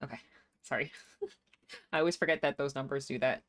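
A woman's voice: very deep voice, brisk, fairly bright tone. A woman streaming a life-sim game, chatting casually, reading chat aloud and laughing often.

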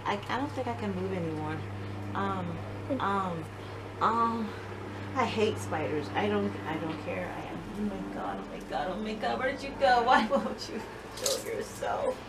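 Animated and at a moderate pace, a woman with a medium-pitched voice rummages through a storage room in a casual home vlog. She sounds panicked, exclaiming and saying the same things over, in noisy home video audio.

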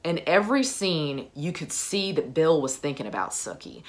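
Woman, low voice, casual gushing chat, lots of uh fillers, vlogger. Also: big pitch swings, normal speed. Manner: gushing, enthusiastic, frequent "uh" fillers. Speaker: book vlogger.

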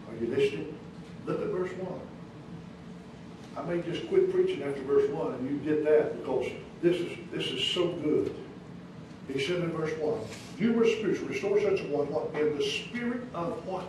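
A pastor preaching a sermon in a church, speaking emphatically with rising questions and sudden soft drops, with an American accent. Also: male voice, a little high, moderate pace. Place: church sanctuary. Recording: echoey church recorded from a distance, noisy.

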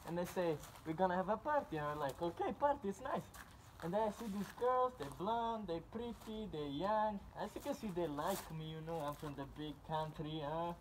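A young man voicing an excitable, bewildered boy who just moved in, squealing. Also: normal speed, a little hiss or hum, lightly acted. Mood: indignant. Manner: squealing, frantic, very high put-on voice. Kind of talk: comedy sketch.

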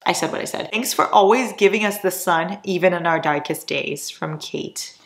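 A young woman in her twenties, chatting excitedly as she opens gifts on her vlog, gushing and swearing casually. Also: on the low side, normal speed, creaky, a little hiss or hum. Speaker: book vlogger. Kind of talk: casual chat, reading fan notes aloud. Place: home room with shelves of DVDs. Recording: echoey room.

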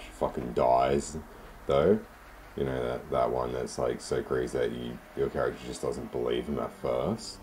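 A man's voice: extremely low pitch, darkish tone, a little hiss or hum. A man giving casual, sarcastic commentary on a game he is playing, swearing often. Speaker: gamer.

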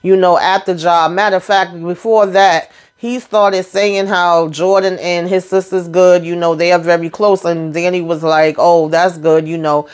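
A woman casually recapping a TV episode, chatty and animated, speaking frankly and mildly cursing as she calls out the characters. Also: on the low side, moderate pace, few pauses. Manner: frank and blunt, with mild swearing. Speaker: TV episode reviewer.

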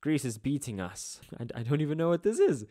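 A young man with a South African Durban accent works as a geography tutor, going through exam answers in a casual lesson full of chatty asides and playful slang. His voice is a little high and dark in tone, with big pitch swings and a brisk pace.

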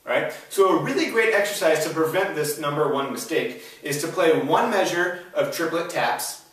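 A man's voice: fairly high pitch, lively intonation, moderate pace, fairly bright tone. A man giving a drum lesson, upbeat and explaining step by step, with frequent "all right?" check-ins. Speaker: drum instructor. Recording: very echoey room, voice a bit far from the mic.

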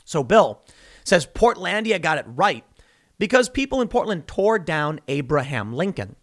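Emphatic, animated male commentator. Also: on the high side, a little slow. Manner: emphatic, rhetorical, sarcastic. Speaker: political commentator. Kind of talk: solo commentary.

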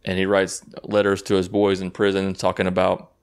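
A man's voice: low-pitched, completely flat delivery, fairly quick, clear, resonant tone. A man giving a casual, rambling and sarcastic recap of a movie, swearing freely as he goes. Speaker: YouTube movie reviewer.

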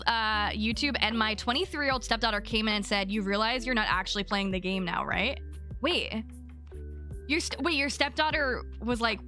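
Bright, high-voiced bubbly woman streamer. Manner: bubbly, chatty, thanking chat and giggling. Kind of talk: casual live-stream chat while gaming.

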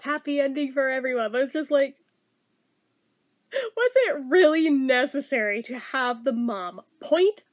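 A woman with a notably high voice talks through a movie review off the cuff. She is blunt and excitable, swears freely, laughs easily and rambles through her thoughts with lots of fillers. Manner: excitable and animated, quick to laugh. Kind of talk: casual spoken review.

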